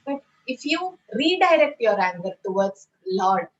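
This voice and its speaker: A woman's voice: mid-range voice, sing-song, measured pace, dull audio. Woman teaching a scripture class. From India. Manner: conversational, often asking "right?".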